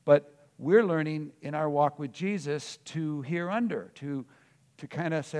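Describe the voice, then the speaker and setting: A man preaching a sermon, moving from soft musing to loud emphatic declarations, often repeating words as he searches for the next phrase. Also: on the high side, measured pace. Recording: long hall reverb.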